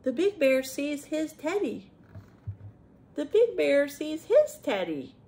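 A woman with a high, mellow voice reads a picture book aloud to children at a slow, very animated pace. She stops often to chat and ask her young listeners questions, making it a children's read-aloud full of chatty commentary.

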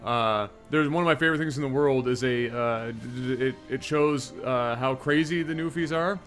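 A man from Canada with an East Coast Canadian accent, casting a game casually with excitable, joking chatter. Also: mid-range voice, moderate pace, faint music behind. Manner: excitable, laughs often, crude jokes. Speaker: game caster.

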